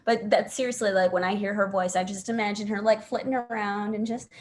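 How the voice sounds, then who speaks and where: Woman host from Central Wisconsin, chatty and animated, on a video call. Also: medium pitch, brisk, a little hiss or hum. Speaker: host of a team training call. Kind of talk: casual chat on a live video call.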